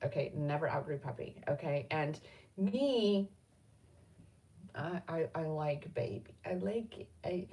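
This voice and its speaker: Rambling middle-aged woman, lowish voice. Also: slow pace, distant mic. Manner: rambling and spontaneous, with sudden animated bursts. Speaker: spiritual card reader and host. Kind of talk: casual live card-reading chat.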